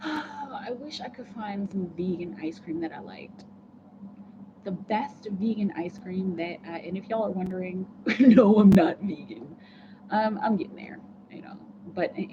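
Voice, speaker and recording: A woman hosting a casual livestream, chatting with viewers, laughing often and rambling with restarts. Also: mid-range voice. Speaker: tarot reader livestream host. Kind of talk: casual livestream chat reading comments. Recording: muffled lo-fi audio with clear background noise.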